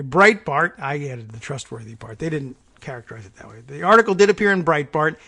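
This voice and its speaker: A man's voice: a little high, fairly bright tone. A man hosting a podcast, reading news articles aloud and adding dry, sarcastic asides, stumbling over foreign names. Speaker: podcast host.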